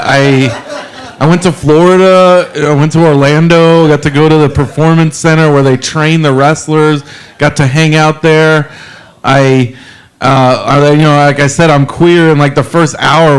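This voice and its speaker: A man in his forties doing a stand-up comedy set, rambling and self-deprecating, halting with lots of fillers. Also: a little high, smooth. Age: 40s. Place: comedy club stage with a live audience.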